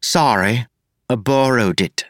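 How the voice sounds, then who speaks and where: A man's voice: medium pitch, slow pace, fairly bright tone, dry recording, clean studio sound, voice pushed up. A man voicing a brash, mocking evil female double of the hero, using exaggerated street slang. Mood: taunting.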